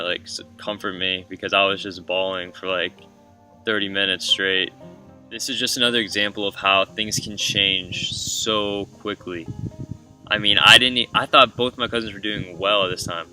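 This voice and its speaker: A man's voice: on the low side, steady tone, moderate pace. A young man in his twenties from Florida, casually telling a painful personal story with lots of fillers. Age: 20s. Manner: casual, filler-heavy, emotional. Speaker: vlogger. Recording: from a distance with soft guitar music.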